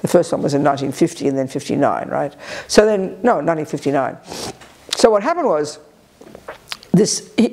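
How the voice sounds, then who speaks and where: A woman teaching at a Buddhist retreat. She talks in a sharp, energetic, emphatic way and often breaks off to restart her sentences. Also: on the low side. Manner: quick restarts and self-corrections. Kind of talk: retreat dharma talk. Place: retreat center.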